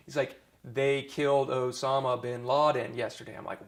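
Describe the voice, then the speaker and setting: A man with a gravelly, creaky edge to his voice, of middle pitch for a man, recounts his deployment in a loose, conversational way. He restarts sentences often and leans on fillers as he tells the story. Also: steady tone, very fast, few pauses. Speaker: former army dentist. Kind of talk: oral history interview.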